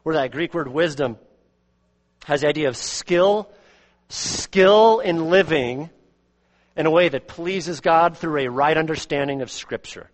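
A man with a fairly high voice preaches to a church, earnest and emphatic. He repeats words as he works through a point and drops suddenly to quiet asides. His voice rings with a long hall reverb. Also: a little slow. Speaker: pastor. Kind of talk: expository sermon.

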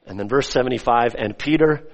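A male pastor preaching a sermon, swinging between loud, rising emphasis and soft, hushed lines. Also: mid-range voice, a little fast. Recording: long hall reverb.

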